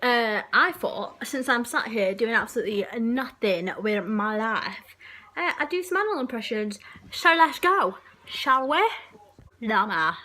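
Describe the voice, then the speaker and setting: A woman's voice: on the high side, lively intonation, measured pace, sharp tone. A young woman vlogging casually, giggly and self-mocking as she tries silly animal impressions.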